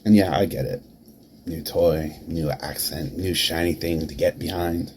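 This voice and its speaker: A man cutting a taunting wrestling promo, dropping to hushed whispers and then rising to shouts. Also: low voice, fairly even intonation, measured pace, slight background noise. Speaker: promo performer.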